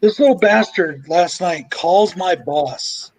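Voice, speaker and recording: High-voiced man ranting profanely. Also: slow pace, rough recording. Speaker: livestream panelist. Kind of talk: casual group chat.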